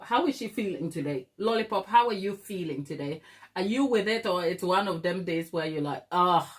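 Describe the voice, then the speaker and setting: A middle-aged woman from Africa, hosting a baking channel, who chats casually with viewers, laughs often and calls them darling. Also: mid-range voice. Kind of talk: casual livestream chat with viewers.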